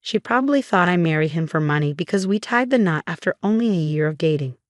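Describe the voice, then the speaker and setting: Woman reading a story, steady and even, lowish voice, dry no-room sound. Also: quick pace, dry recording. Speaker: narrator. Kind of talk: scripted first-person story narration.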